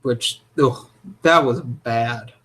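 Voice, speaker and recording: A young man co-hosting a casual chat, opinionated and jokey, with animated delivery. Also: mid-range voice, very slow, slightly rough. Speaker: podcast co-host.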